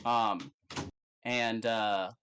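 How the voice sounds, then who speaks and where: A man's voice: fairly low pitch, fairly even intonation, drawn-out words, fairly bright tone, slight background noise, poor audio. A man narrating as game master in a casual, rambling way with many fillers.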